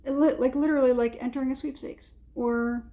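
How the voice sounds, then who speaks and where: A woman's voice: high-pitched, steady tone, a little fast, mellow. A woman giving a casual tarot reading, rambling and hesitant, with many fillers and frequent chuckles. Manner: chuckles often. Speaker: tarot reader.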